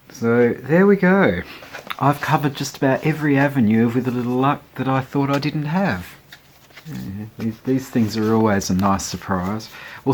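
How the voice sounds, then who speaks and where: A man chatting casually as he shows his record collection, rambling and often chuckling. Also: mid-range voice. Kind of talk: casual chat showing records.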